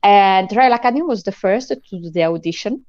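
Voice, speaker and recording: A middle-aged woman from Italy with an Italian accent, a guest in a conversational interview, telling stories in an animated way. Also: mid-range voice, a little fast, no room sound, highs cut off. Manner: animated storytelling with frequent laughs. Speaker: guest, academy founder.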